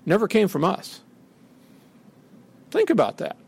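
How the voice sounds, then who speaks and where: A man's voice: high voice, wildly swooping pitch, a little slow, vocal fry, husky. A middle-aged man giving an emphatic, indignant speech from a podium and acting out quotes. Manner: emphatic, indignant, dramatic quoting. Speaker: speaker at a podium. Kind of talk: public speech.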